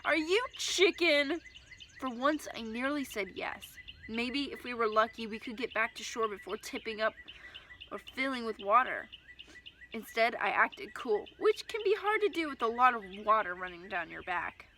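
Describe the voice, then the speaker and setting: A woman reads a first-person children's story with lively, expressive delivery. Her voice is bright and somewhat high. She acts out the shouted moments with energy. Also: normal speed, a little hiss or hum.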